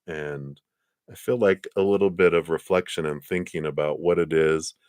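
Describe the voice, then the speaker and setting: A man giving live tarot readings in a gentle, meandering way, with many fillers and soft laughs. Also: rumbling low, fairly even intonation, normal speed, dry recording, studio quality. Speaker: tarot card reader.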